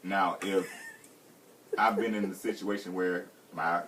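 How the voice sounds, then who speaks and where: A man's voice: sits low, fairly even intonation, measured pace, fairly bright tone, far from the mic, slight background noise. A man, guesting on a radio talk show and chatting playfully, teasing and laughing often. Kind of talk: joking casual chat. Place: radio studio.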